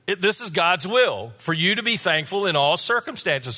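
A man preaches with a bright, forceful voice pitched a little high. He is earnest and candid and slows down to repeat his key points. His voice carries a long reverb through a church sanctuary. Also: sing-song. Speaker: pastor. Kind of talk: sermon.

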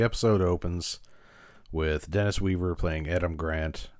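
Deep-voiced man recapping an episode. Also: fairly even intonation, measured pace, darkish tone, dry recording, studio quality. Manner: conversational, with frequent fillers and restarts. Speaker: podcast host.

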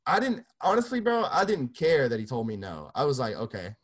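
A man's voice: on the high side, wildly swooping pitch, brisk. A young man, a music producer, telling his story casually in an interview, loose and profane with many restarts.

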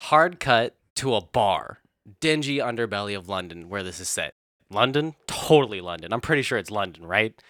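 Man, bright lively voice, comedic recap, swears and laughs a lot, dry close mic. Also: lowish voice, normal speed, no room sound. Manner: animated, profane, laughs often. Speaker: host.

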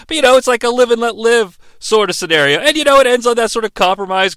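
A man's voice: extremely high pitch, animated, fast, hardly any pauses, fairly bright tone, smooth, no room sound. An American man co-hosting a podcast, recapping a TV episode in a profane, joking way and dropping into mocking voices. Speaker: podcast co-host. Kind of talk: casual comedic episode recap.

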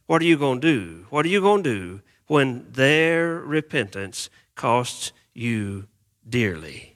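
A male pastor reading scripture and preaching an earnest sermon, emphatic, with dramatic slowdowns. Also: medium pitch, animated, fairly bright tone.

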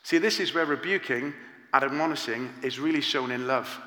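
Pastor type, earnest preacher, bright tense voice, echoey church hall with long reverb. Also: male voice, mid-range voice, fairly quick. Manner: earnest, animated preaching with rhetorical questions. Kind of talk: sermon.

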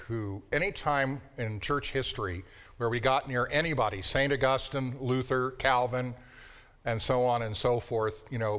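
Bible class teacher guy, easygoing, just chatting through the lesson, mid-pitched voice. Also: fairly bright tone.

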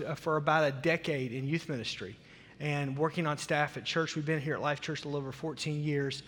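A middle-aged man with a Southern US accent gives a church welcome as senior pastor, chatty and joking, rambling with restarts. His voice is bright and sits a little high. He speaks into a stage mic, and the large hall around him rings with a long reverb.

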